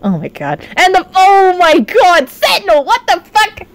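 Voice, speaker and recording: A woman streamer chatting live over a game, excitable and shrieking, her voice often cracking. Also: very high-pitched, unhurried, dry recording. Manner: excitable, shrieking, swearing at chat. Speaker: virtual streamer. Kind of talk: live gaming stream chat.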